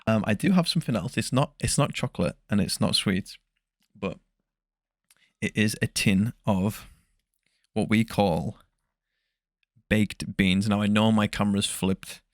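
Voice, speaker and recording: A young English man speaking softly as an interview guest, in hesitant, soft-spoken chat full of ums. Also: lowish voice, a little slow, long pauses, no echo, studio quality. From England. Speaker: guest ASMR creator.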